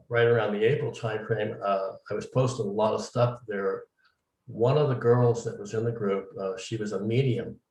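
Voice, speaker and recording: A man's voice: fairly low pitch, darkish tone. A man being interviewed, telling his story casually and acting out the dialogue he quotes. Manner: recounts events at length, acting out quoted dialogue. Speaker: interview guest, medium. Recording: roomy, distant mic.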